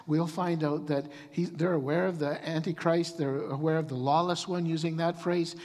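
A man preaching a sermon as pastor, animated, often repeating words as he starts a sentence. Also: fairly high pitch, normal speed, long reverb tail.

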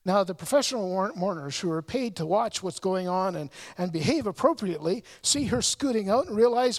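Husky pastor guy preaching, earnest, keeps repeating words as he goes. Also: extremely high pitch, lively intonation, moderate pace, hardly any pauses. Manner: earnest storytelling, many stumbling repetitions. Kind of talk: sermon.

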